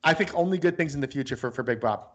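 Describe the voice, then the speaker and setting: A man with a fairly high speaking voice co-hosts a casual sports talk show. He rambles through his points, stopping and restarting often with plenty of fillers. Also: animated, very fast, muffled recording. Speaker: sports podcast co-host.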